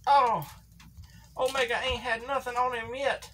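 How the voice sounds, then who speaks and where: A woman's voice: on the high side, steady tone, a little slow, fairly bright tone, slight background noise. A woman voicing a folksy Southern older male wrestling commentator, calling a toy figure match with a thick put-on drawl and country grammar. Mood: excited ringside. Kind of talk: comedic ringside commentary.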